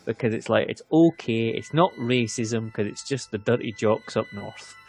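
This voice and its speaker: A man's voice: medium pitch, moderate pace, darkish tone, soft background music. A man from near the Scottish border, co-hosting a podcast in casual, jokey chat with sarcastic asides. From England, near the Scottish border. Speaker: podcast co-host.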